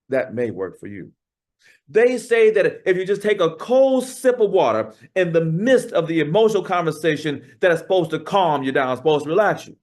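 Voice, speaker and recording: A man giving a keynote talk, telling a story with dramatic pauses and acting out the dialogue. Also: fairly high pitch. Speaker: keynote speaker.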